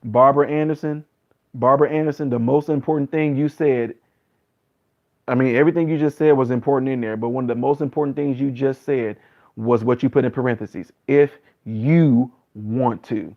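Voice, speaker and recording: A man in his late thirties talks earnestly to his live-stream viewers, mid-pitched and casual, circling back to the same point again and again. The stream audio sounds a little muffled and lo-fi. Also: steady tone, a little fast. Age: 30s. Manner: earnest, repetitive, acts out other people's replies in a higher voice.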